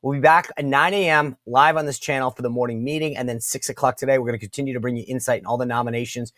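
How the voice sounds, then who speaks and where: A man's voice: mid-range voice, fairly even intonation, fast, a bit bright, no echo. Guy hosting his show, chatty, lots of restarts, dry close mic. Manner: conversational, many restarts. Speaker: show host. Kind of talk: interview and sign-off.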